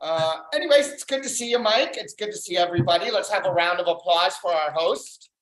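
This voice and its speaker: An open mic stand-up comedian doing a dry, deadpan set on a club stage, pausing often on fillers. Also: mid-range voice, noisy background. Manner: deadpan, dry one-liners with filler pauses. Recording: roomy club echo.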